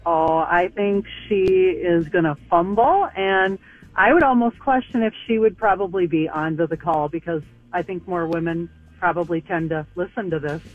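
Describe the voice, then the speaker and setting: A woman's voice: fairly low pitch, normal speed, faint music behind. A woman calling in to a radio show, giving her opinion confidently. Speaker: caller. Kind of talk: phone call to a radio show. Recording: tinny phone line.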